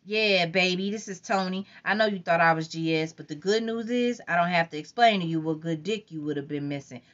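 Loud mocking young guy bragging, woman doing the voice, lo-fi audiobook sound. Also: lowish voice, brisk, lightly acted. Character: loud boastful young man, a crude hanger-on. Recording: dull lo-fi recording.

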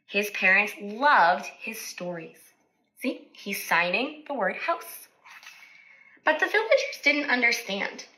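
A woman speech-language therapist reading a picture book aloud to children, animated and stopping to ask questions. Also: mid-range voice, slow pace, low-quality recording.

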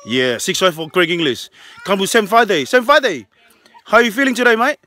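Excited man doing mock sports commentary. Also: sits high, fairly quick. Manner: excited interviewer, shouts chants and play-by-play. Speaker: family vlogger hosting a pretend match.

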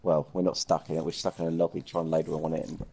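A man's voice: a bass voice, little pitch movement, very fast, vocal fry, dark tone, breathy edge. A man livestreaming a video game, chatting in a friendly way with friends and viewers over a headset. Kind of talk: casual gaming chat.

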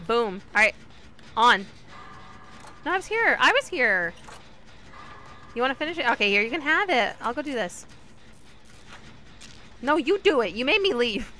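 A woman streamer giving casual commentary while she plays, chatty and talking to her teammates and the killer, with sudden excited yelps. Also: a little high, moderate pace, long pauses, slight background noise. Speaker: gaming streamer.

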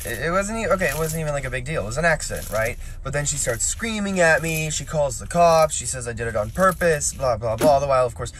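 Deadpan synthetic man's voice. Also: a little high, fast, few pauses, a little hiss or hum. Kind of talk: text-to-speech storytime narration.

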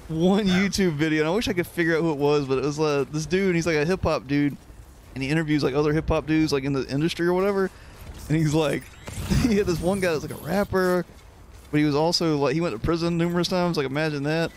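A man's voice: a little high, quick pace, a little hiss or hum. A man hosting a gaming video, telling rambling stories in casual banter and laughing often. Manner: rambling storyteller, frequent laughter, slips into goofy impressions. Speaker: gaming channel host. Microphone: desk microphone.

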